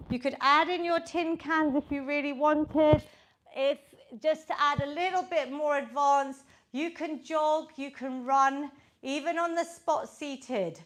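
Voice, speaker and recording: A woman's voice: sits high, rough recording. A woman leading a guided home workout class as a fitness instructor, coaching upbeat and encouraging and counting the reps aloud. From United Kingdom.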